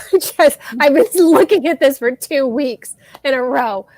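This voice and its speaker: A woman's voice: sits high, unhurried, darkish tone. A woman co-hosting a casual crochet live show over a video call, chatting, laughing often and reading out viewer comments. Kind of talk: casual chat.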